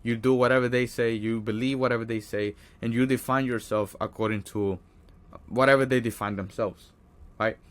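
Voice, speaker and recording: A man's voice: medium pitch, steady tone, normal speed. A man with an everyday, mid-range voice talks straight to the camera about beating social anxiety. He is casual and blunt, swears freely and keeps checking in with "right?" as he coaches. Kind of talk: motivational vlog talk.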